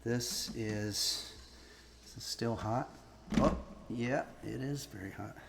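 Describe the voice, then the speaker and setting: A man's voice: medium pitch, takes it slowly, vocal fry, very noisy. A man hosting a live-stream cooking lesson, chatting casually, frank and self-mocking, swearing now and then.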